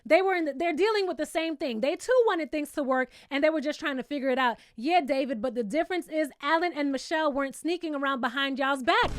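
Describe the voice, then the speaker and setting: A high-pitched woman recaps reality TV in a sassy, expressive way and talks straight to her audience. Her voice is close and dry, with no room sound. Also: a little fast, few pauses, no room sound. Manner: sassy, expressive, addresses viewers as "child" and "baby". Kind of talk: casual commentary recap.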